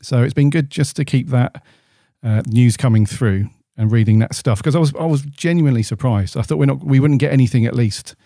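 A man's voice: medium pitch, fairly quick, gravelly, few pauses, dark tone, dry recording. A man co-hosting a podcast in casual, laid-back chat with plenty of fillers, on a studio mic. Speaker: podcast co-host.

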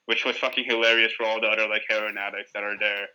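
Bright-voiced man telling a rambling story. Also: lowish voice, flat delivery, fast talker, smooth, rough recording. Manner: rambling, profane, heavy use of filler "like". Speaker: podcast guest. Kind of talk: casual storytelling chat.

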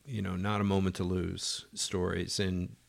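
A man's voice: low-pitched, flat delivery, moderate pace, vocal fry. A middle-aged man telling a story in a rambling, conversational way, full of fillers and acted-out quotes. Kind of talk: casual spoken storytelling.

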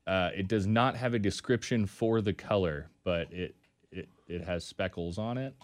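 A man's voice: low voice, normal speed, no echo. A young man co-hosting a radio show, chatting in a dry, matter-of-fact way. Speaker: radio co-host. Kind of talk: casual radio banter. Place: radio studio.

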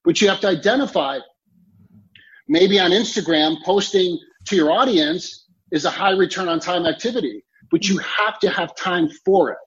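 A man speaks as a time coach in an interview, hammering home his points with emphatic repetition. His voice sits a little high, and the audio sounds muffled and lo-fi, like a remote connection. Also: normal speed. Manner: emphatic, repeats key phrases, coaching tone. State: clearing throat, choked up. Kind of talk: motivational interview talk.

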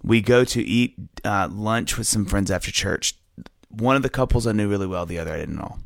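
A man in casual conversation, telling lively stories and acting out the voices of the people in them. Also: fairly low pitch, fairly quick, vocal fry, no echo, clean studio sound. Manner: animated storyteller, acts out quoted voices.

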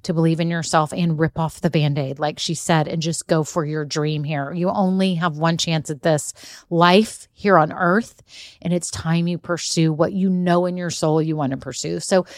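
A woman's voice: low voice, a little mellow, no room sound, clean studio sound. A woman hosting her own podcast as a business coach, talking in an upbeat, encouraging, chatty way. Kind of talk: solo podcast talk.

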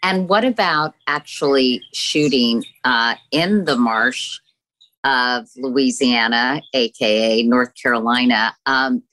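A woman's voice: very deep voice, takes it slowly, a bit bright. A woman from Virginia interviewing an actress in a chatty, conversational manner. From Virginia, USA. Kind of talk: interview questions.

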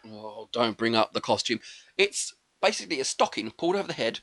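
A man co-hosting a podcast, chatting casually about a film with quick, jokey rants. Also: medium pitch. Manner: quick, animated, jokey ranting. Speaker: podcast co-host. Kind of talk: casual chat reviewing a film.

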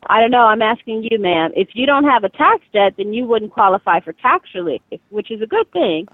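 A woman's voice: on the high side, expressive, no room sound. Tinny-voiced woman phone agent. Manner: brisk, polite, matter-of-fact. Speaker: tax relief company phone agent. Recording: tinny dry phone line.

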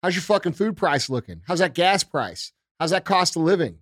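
Fired-up podcast guy swearing nonstop, kinda high voice, dry close mic. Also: big pitch swings, moderate pace, fairly bright tone, dry recording. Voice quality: intense, heavy swearing, repetitive rhetorical questions. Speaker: podcast host. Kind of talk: profane political rant.

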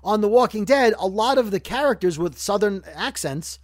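High-voiced man, rambling podcast host. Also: animated, moderate pace, no room sound, studio quality. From Brooklyn, New York. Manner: rambling, joking, self-correcting. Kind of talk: casual podcast chat.

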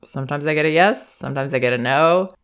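A woman with a slightly gravelly, fry-touched voice talks through parenting advice in an unhurried monologue. She sounds gentle and reflective. Now and then she slips into the soft, soothing phrases a parent might say to a child. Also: low-pitched. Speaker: parenting educator and podcast host.

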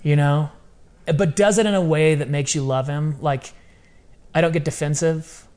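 A middle-aged man talking as a podcast guest in casual interview chat, animated and repeating phrases for emphasis. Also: fairly high pitch, normal speed. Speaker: podcast guest, ministry founder.

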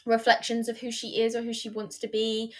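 A woman in casual chat as a podcast host, lively and acting out scenes in loud put-on voices. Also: a little high, brisk.

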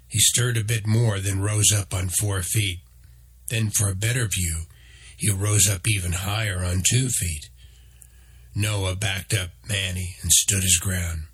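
Male narrator, storybook reading, husky, low voice, slow pace. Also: a bit bright.

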